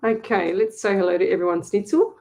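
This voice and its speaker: A woman's voice: mid-range voice, a little fast, creaky, a little mellow. A middle-aged woman, a psychic medium, chatting casually with viewers on a live stream from home, laughing often. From Australia. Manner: chatty, laughs often, talks to her pets. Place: at home at a desk with a camera.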